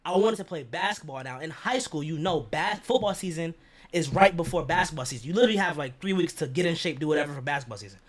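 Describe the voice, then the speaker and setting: A young man with a fairly high voice tells a story from his own life to the camera. He talks in loose, profane slang and keeps slipping into the voices of the people he quotes. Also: lively intonation, quick pace, over a noisy crowd. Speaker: vlogger.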